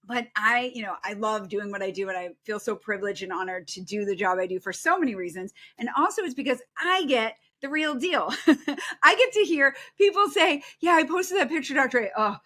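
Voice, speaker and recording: A middle-aged woman psychologist giving earnest, animated advice as a guest in a podcast interview. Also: fairly high pitch, fairly quick. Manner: earnest, animated, acts out quoted self-talk.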